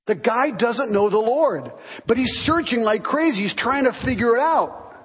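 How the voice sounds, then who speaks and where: A pastor with an extremely high, slightly rough voice preaches at normal speed, telling stories energetically and acting out the characters' voices. The recording is dull, with noticeable hall reverb.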